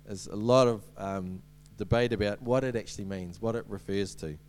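A man's voice: fairly low pitch, normal speed, a little mellow. A man giving a sermon as a preacher, in a conversational way with many ums and restarts and light humorous asides.

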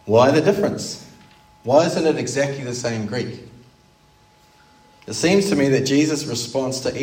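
A man's voice: mid-range voice, darkish tone. A man preaching a sermon, earnest and explanatory, who asks rhetorical questions as he goes. He sits back from the microphone, and his voice rings in a roomy, echoing space. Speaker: pastor. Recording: roomy, from a distance.

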